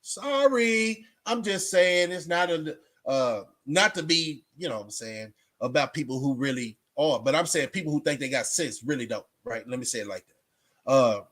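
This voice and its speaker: High-voiced man rambling on a livestream. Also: animated, moderate pace, a bit bright. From Texas. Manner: streetwise slang, frequent fillers and restarts. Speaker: livestream host. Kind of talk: casual rambling monologue to viewers.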